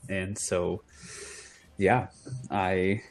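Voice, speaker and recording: A man's voice: low voice, flat delivery, drawn-out words. A man playing a tabletop role-playing game, chatting casually and a bit hesitantly. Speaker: player.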